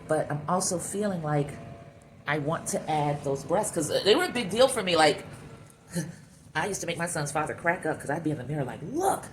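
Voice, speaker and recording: A woman's voice: sits low, brisk, poor audio. A woman sculpting clay while she talks candidly and reflectively to her viewers, calling them y'all. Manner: candid and reflective, musing aloud. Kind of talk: casual talk while sculpting. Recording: steady background noise.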